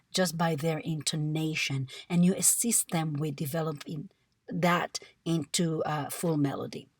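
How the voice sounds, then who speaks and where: A woman's voice: on the low side, no room sound. A woman music therapist giving an instructional presentation, explaining step by step with frequent fillers.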